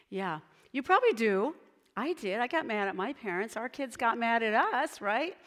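A woman leading a children's sermon, gently asking the children questions and talking to them directly. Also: a little high, animated, normal speed. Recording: long hall reverb.

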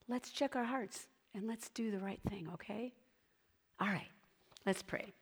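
A woman leading a children's sermon, gently asking the children questions and talking to them directly. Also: a little high, unhurried. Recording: long hall reverb.

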